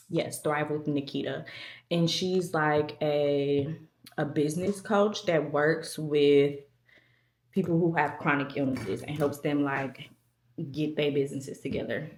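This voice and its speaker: A woman's voice: low-pitched, fairly even intonation, measured pace, a little mellow, echoey room. A woman vlogging in casual talk to camera, chatty and self-deprecating, a little out of breath, with many fillers.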